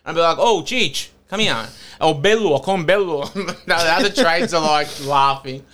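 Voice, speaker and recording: A man's voice: fairly high pitch, a little fast, a bit bright. An Australian man chatting casually as a podcast guest, rambling and laughing often, restarting his sentences.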